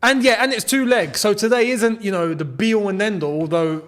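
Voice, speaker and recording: A young man hosting a live football watchalong, chatty and quick to laugh as he talks to his viewers. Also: high-pitched, fairly bright tone. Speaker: football channel host.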